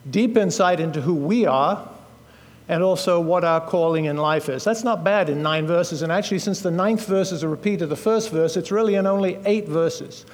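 A man's voice: high voice, normal speed. British man preaching in a reverberant church. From Britain. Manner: earnest, explanatory, with frequent fillers and self-corrections. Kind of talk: sermon.

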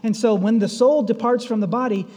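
High-voiced pastor preaching in a reverberant hall. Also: male voice, steady tone, a little fast, mellow. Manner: asks the listeners questions and retells stories. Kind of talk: sermon. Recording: long reverb of a large hall.

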